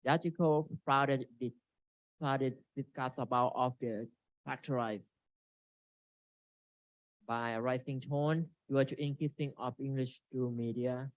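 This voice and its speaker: Halting man presenting a seminar. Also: medium pitch, fairly even intonation, no room sound. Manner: halting, reads from slides with frequent restarts. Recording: dry, dull lo-fi recording.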